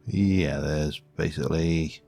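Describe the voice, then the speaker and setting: A man's voice: a bass voice, slow, gravelly, warm tone, soft background music. A man giving rambling, self-deprecating casual commentary over a game. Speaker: gaming video host.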